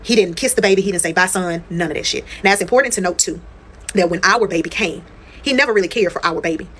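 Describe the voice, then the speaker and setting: A woman's voice: on the low side, quick pace, a bit bright. A woman telling a personal story in casual storytime style. She talks straight to her viewers, swears freely and repeats phrases for emphasis.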